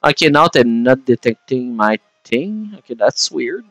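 Slow-talking French Canadian man gaming. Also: mid-range voice, sing-song, a bit bright, no echo. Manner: rambling and chatty, talks to viewers while playing. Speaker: gaming streamer. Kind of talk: casual gameplay commentary.

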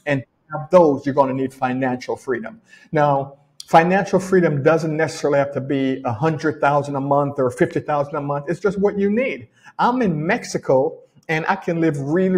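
Speaking from home on a rainy day, a middle-aged personal development coach with a Jamaican accent gives an informal motivational talk. His voice sits a little high with a darkish tone, and he repeats his main phrases to stress them.

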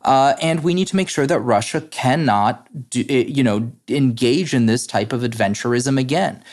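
A man as a podcast guest, talking in an analytical, brisk way with frequent fillers and restarts. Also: medium pitch. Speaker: guest, head of a democracy advocacy group. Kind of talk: podcast interview.

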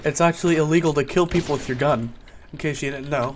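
Higher-pitched joking gamer guy. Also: fast, slight background noise. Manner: joking, mock-serious, chatty with other players. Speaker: gaming YouTuber. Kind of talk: casual gameplay commentary.

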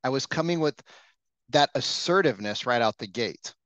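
A man's voice: mid-range voice, expressive, normal speed, a bit bright, dry recording, highs cut off. A man leading a sales training session, talking casually and coaching the room with frequent questions. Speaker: real estate sales trainer. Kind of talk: live training session talk.

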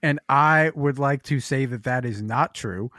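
A man's voice: medium pitch, unhurried, pushed and bright, no room sound, studio quality. A man co-hosting a podcast in casual chat. He hesitates and wanders as he reads passages aloud and comments on them. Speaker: podcast co-host.

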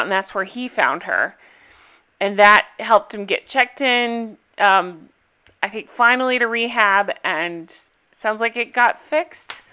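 A woman's voice: on the high side, pushed and bright, clean tone. A woman chatting casually as she recaps a reality TV episode, gossipy and full of fillers.

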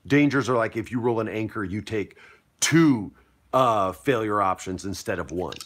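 A man's voice: on the low side, animated, moderate pace, fairly bright tone. A man acting as game master, explaining dice rules and narrating a pirate fight in an upbeat, playful way.

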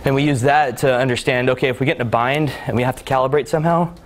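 A man's voice: mid-range voice, steady tone, fast talker. Casual young man giving a conference talk. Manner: casual, filler-heavy, acts out both sides of calls. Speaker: conference speaker. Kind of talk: conference talk with acted-out phone calls. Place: conference hall.

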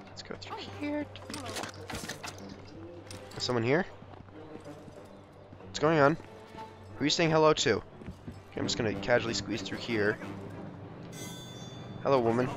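An excitable young man narrates his own gameplay, his voice leaping up and down with a lively pitch. His tone is bright and sharp, and he jokes and shouts at the characters on screen. Faint music sits behind him. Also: a little slow, long pauses. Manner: excitable, jokey, talks to game characters. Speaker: gameplay commentator. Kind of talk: let's play commentary.

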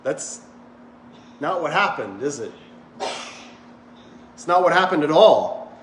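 Joking pastor in an echoey hall. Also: male voice, on the high side, sing-song, takes it slowly, fairly bright tone, a little hiss or hum. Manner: joking, conversational preaching. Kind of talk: sermon. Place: church sanctuary.

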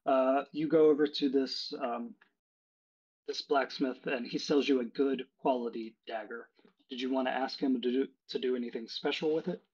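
Husky man narrating as game master. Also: medium pitch, steady tone, normal speed, a little mellow, dull audio. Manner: explaining, filler-heavy.

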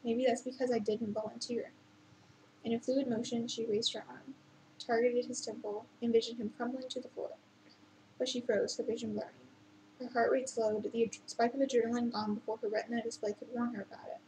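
Fairly high-voiced woman reading a novel aloud. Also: level tone, a little mellow, a little hiss or hum, poor audio. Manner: unhurried, with slips and restarts. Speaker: reader.

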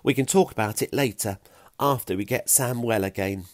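A man voicing Fiona, a bright and bashful Stone Age girl who speaks softly but briskly. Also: lowish voice, no room sound, natural voice. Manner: soft and warm, briskly practical.

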